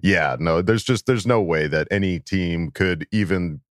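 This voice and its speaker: A man co-hosting a fan podcast in casual chat, chatty and excitable, laughing often. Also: low voice, measured pace, no room sound, clean studio sound. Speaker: podcast co-host.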